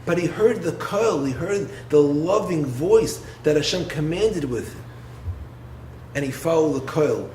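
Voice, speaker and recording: A man with a fairly high voice delivers a Torah lecture as a rabbi. He asks rhetorical questions and swings his delivery between low, hushed lines and lifted, emphatic ones. The sound is roomy and echoey, with a faint hiss of background noise. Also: measured pace. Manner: expressive, rhetorical questions, dips low then rises. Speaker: rabbi and yeshiva head.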